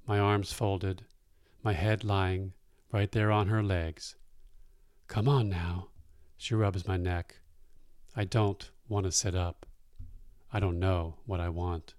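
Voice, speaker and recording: A man reading a first-person story aloud in a plain-spoken, unhurried way. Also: low-pitched, smooth, dry recording, studio quality.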